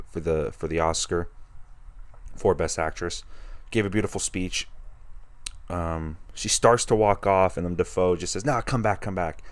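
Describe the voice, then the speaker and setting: A man with a deep voice hosts a podcast, chatting casually as an enthusiastic film fan who rambles and restarts his sentences often. There's no echo.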